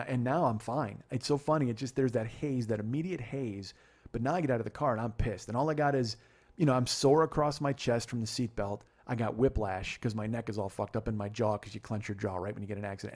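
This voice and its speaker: A middle-aged man hosting a podcast, telling a long profane story in a rambling, animated way. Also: mid-range voice, fast talker. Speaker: podcast host. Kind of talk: storytelling monologue.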